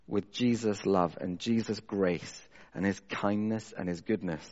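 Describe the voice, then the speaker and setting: A man preaching a sermon in an earnest manner, moving between raised emphasis and soft, hushed reflection. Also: lowish voice, steady tone, unhurried, hardly any pauses. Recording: dull, lo-fi sound with long hall reverb.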